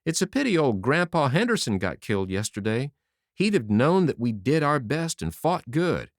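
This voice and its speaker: A man's voice: mid-range voice, big pitch swings, moderate pace, dry recording, studio quality, voice pushed up. A man voicing a young male soldier who talks in folksy slang. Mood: consoling. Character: young male soldier, calm then fed up.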